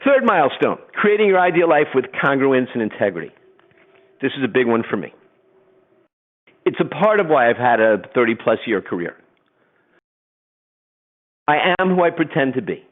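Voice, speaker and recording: Animated man on tinny webinar audio. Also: mid-range voice, normal speed, long pauses. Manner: animated storyteller, acts out voices. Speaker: program presenter. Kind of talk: webinar presentation.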